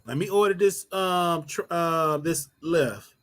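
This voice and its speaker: A man's voice: on the high side, takes it slowly, fairly bright tone. A man hosting his own livestream, talking casually to viewers in a playful, rambling, teasing way. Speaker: livestream host.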